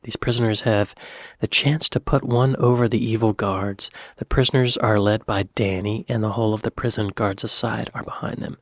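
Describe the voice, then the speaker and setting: A man's voice: fairly low pitch, steady tone, moderate pace, dry recording, studio quality. An American man hosting a reaction video, reading film summaries aloud and adding casual remarks. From United States. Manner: reads summaries aloud, then remarks and chuckles.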